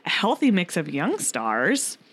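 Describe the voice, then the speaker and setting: A woman's voice: lowish voice, huge pitch swings, a little slow, slightly rough. A woman co-hosting a podcast in casual chat, talking loosely with fillers and laughing often. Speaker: podcast co-host.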